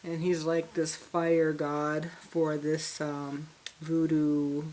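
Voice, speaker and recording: Female co-host, deep and slow speaker, steady casual plot recapper. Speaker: podcast co-host. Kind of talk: casual review chat.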